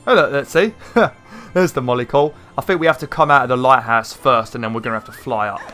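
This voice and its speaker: A man talking casually over gameplay in a mid-pitched voice. He wanders into chatty asides. His throat is irritated, and he keeps clearing it. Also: fairly quick, sharp tone, faint music behind. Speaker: gaming YouTuber.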